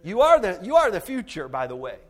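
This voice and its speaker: A male pastor with a notably high voice delivers a sermon. He is emphatic, driving lines up to a shout and then dropping to quiet, intimate asides. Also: huge pitch swings, brisk, breathy edge.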